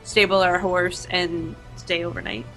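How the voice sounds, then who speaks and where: Bright-voiced female player. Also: fairly low pitch, level tone, measured pace, soft background music, rough recording. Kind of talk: casual role-play chat.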